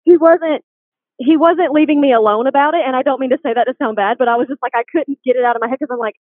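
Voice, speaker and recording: A woman with a fairly high voice tells her faith story earnestly and with animation. She comes through a dry, tinny phone line. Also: quick pace, no room sound. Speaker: guest. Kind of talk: faith testimony chat.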